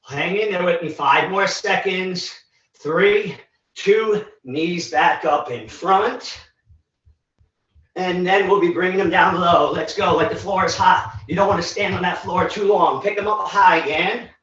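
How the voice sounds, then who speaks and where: A man's voice: high voice, unhurried, fairly bright tone. A man leading a live virtual workout, counting down reps and cueing moves in an encouraging way while out of breath. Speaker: fitness instructor. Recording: echoey, distant, dull livestream audio.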